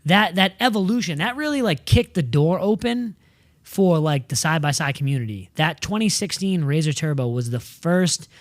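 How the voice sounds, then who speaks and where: A young adult man recounting a story in loose, animated podcast chat. His voice sits a little high, and he swears freely and keeps calling people "dude." The sound is dry and close, with no room around it. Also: moderate pace, dry recording. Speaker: podcast regular. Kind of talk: casual storytelling.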